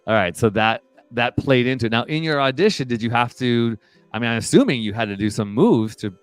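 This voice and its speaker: Smooth-voiced male interview host. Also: medium pitch, lively intonation, fairly quick, no echo, soft background music. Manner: curious, reacts with short interjections. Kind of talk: casual interview.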